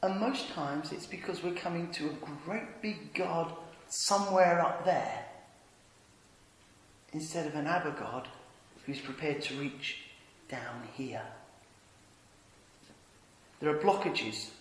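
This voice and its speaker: A preacher with a fairly high voice delivers an earnest sermon, telling stories and sinking to a near-whisper on tender points. His words ring around a large church, with a long reverb trailing each phrase. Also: takes it slowly, pauses often, slight background noise. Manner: earnest storytelling, dropping to a hush on tender points. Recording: echoey church hall.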